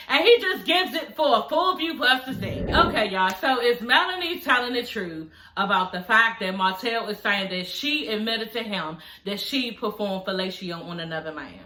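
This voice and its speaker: Sassy woman roasting reality tv, high bright voice, echoey room. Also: big pitch swings, normal speed, few pauses, noisy background. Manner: sassy, blunt and profane, laughing often. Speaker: reality TV recap vlogger. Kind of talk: casual chat.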